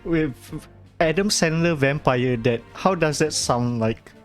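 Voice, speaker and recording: A man streaming a game who gives excitable, casual commentary, swearing and trailing off. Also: a little high, measured pace, soft background music.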